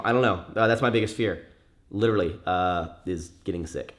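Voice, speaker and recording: A man's voice: low voice, moderate pace. A young man answering viewer questions in a casual chat, rambling with many fillers and restarts.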